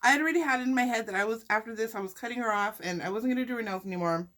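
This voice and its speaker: A sassy woman vlogger tells a story in a casual, chatty way between bites. She sits a little high in her voice and keeps up a stream of filler words and quick comebacks. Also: a bit bright. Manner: chatty, sassy storyteller full of "like" and "girl, bye". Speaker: mukbang vlogger. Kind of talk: casual storytime while eating.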